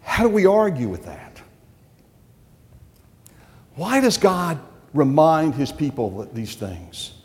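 A man's voice: on the high side, big pitch swings, takes it slowly, pauses often, a little mellow, long reverb tail. A male pastor preaching a sermon, emphatic and full of rhetorical questions to the congregation. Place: church.

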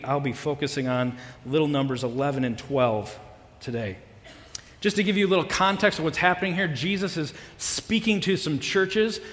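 A man delivers a sermon from the front of a church, his voice pitched a little high for a man. He speaks earnestly, leaning on key words and pausing for effect, and a long reverb trails behind him in the large worship space. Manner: earnest, emphatic preaching with dramatic pauses. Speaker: pastor.

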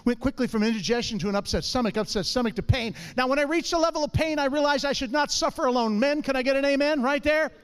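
A middle-aged man giving a humorous testimony to a congregation, an animated storyteller who keeps calling for the audience's response. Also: very high-pitched, fast, hardly any pauses, clear, resonant tone. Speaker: church speaker.

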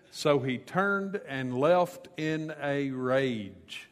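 A man's voice: mid-range voice, animated, very slow, big-room sound. A man preaching a sermon, retelling a scripture story in a conversational way with casual asides. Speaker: pastor.

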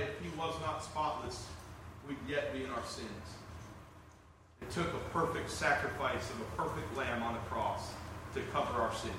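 A high-voiced male pastor delivers a sermon in a loose, chatty style, breaking off for playful asides. His voice is picked up from a distance and rings through a very echoey room, with faint noise underneath. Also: sharp tone. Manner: conversational preaching with joking asides.

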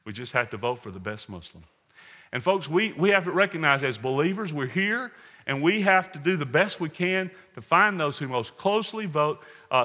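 A man's voice: fairly high pitch, pushed and bright. An American man preaching a sermon as pastor, earnest and direct, speaking to his congregation in a large hall. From United States. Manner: earnest, addresses congregation as folks, numbered points.

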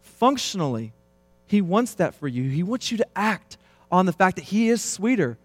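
A man in his thirties preaching a sermon, swinging between quiet, low stretches and loud, emphatic passages. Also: big pitch swings, moderate pace, no echo. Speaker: pastor.

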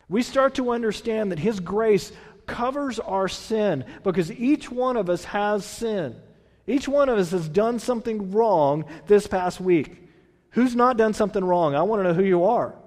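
In a large hall, a pastor preaches with a high, somewhat mellow male voice. His sermon is conversational, moving from scripture reading to explanation, with restarts, repeated words, and questions for the congregation.

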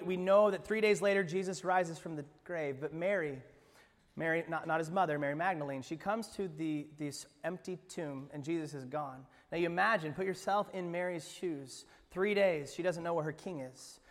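Pastor preaching in a reverberant hall. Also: male voice, on the high side. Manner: expressive, swings from hushed to emphatic, playful asides. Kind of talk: Easter sermon. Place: church sanctuary.

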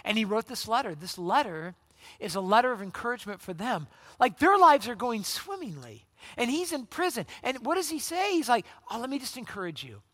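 A man's voice: very high voice, very animated, a little fast, fairly bright tone, no room sound. A man preaching a sermon in a conversational way, acting out quoted voices, with frequent restarts and repeated words. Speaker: pastor.

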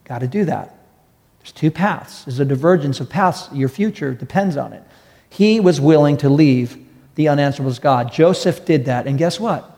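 A man's voice: a little high, darkish tone. A man preaching a sermon to a congregation, earnest and storytelling, repeating key phrases for emphasis. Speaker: pastor. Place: church hall with audience. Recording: long hall reverb.

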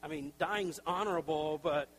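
A middle-aged pastor preaches in a loose, conversational way, full of self-deprecating asides and little acted-out quotes. His voice sits a bit high for a man. A faint hum runs under the recording. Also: moderate pace, a bit bright, poor audio. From Tennessee. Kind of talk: sermon.

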